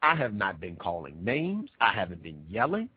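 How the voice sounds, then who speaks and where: A tired man hosting a radio show, talking in an animated, emphatic way and repeating points for effect. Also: on the low side, normal speed, slightly rough. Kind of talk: animated talk at a conference. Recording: tinny phone-like dry recording.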